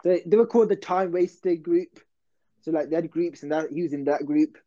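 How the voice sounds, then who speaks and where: A man's voice: fairly high pitch, brisk, mellow, muffled recording. A young man telling a rambling, slangy story on a casual podcast. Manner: rambling, slangy, self-interrupting. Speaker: podcast host.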